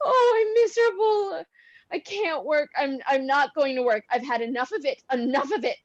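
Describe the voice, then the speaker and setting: A woman's voice: high-pitched, fairly quick, dry recording, muffled recording, close to an everyday voice. A woman playing a despairing young woman of twenty-three, crying through her lines in a cold read over a video call. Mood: sobbing. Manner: sobbing, anguished outbursts. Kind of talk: cold-read stage drama.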